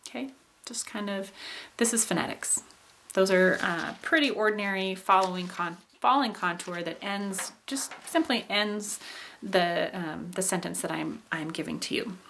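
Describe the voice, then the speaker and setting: A woman's voice: mid-range voice, bright, forceful tone. A woman teaching a recorded phonetics lesson, explaining in a patient way with frequent fillers and acting out example sentences. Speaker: instructor.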